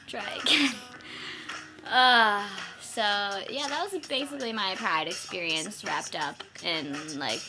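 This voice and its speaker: A woman's voice: medium pitch, expressive, slow pace, over music. A young woman vlogging in a rambling, incredulous way, swearing and saying "like" constantly. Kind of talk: casual vlog rant.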